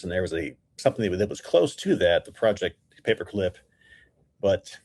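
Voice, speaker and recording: A man's voice: deep voice, no echo. A man co-hosting a podcast, looking things up and steadily sharing facts in casual chat. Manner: steady, informative, reads facts aloud. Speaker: podcast co-host, researcher.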